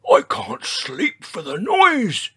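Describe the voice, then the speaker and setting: A cranky old Triceratops from a picture book, voiced by a man reading aloud. He grumbles and huffs in a husky, gruff voice that swings wide between low mutters and loud complaints. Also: huge pitch swings, slow, full character voice. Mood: grumbling. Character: grumpy old male Triceratops. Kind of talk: storybook voice acting.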